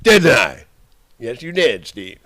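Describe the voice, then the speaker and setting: A man rants at someone off camera, cursing through a long rambling outburst. He swings between loud shouting and low muttering. His voice sits in an ordinary middle pitch, and the sound is dry and close, with no room echo. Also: sing-song, takes it slowly. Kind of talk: angry personal rant. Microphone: handheld camera.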